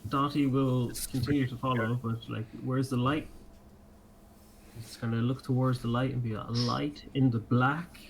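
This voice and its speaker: A man at the game table describing what his character does. He talks in a plain, matter-of-fact way at a middle pitch. A faint noise runs behind him. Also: fairly even intonation, moderate pace. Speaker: player.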